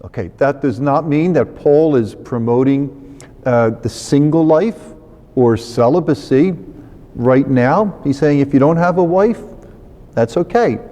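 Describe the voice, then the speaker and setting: A man, a priest, explains a scripture passage in a relaxed, conversational teaching manner. His voice is mellow and slightly high for a man, and long reverb trails behind his words as if in a large hall. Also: unhurried. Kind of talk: scripture reflection.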